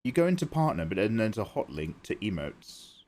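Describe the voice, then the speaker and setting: A man's voice: on the low side, sing-song, normal speed, a little mellow, slight background noise. Guy streaming his art, rambles and jokes with chat, voice jumps all over. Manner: rambling, jokey, talks to chat. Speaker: art livestreamer. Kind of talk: casual livestream chat while drawing.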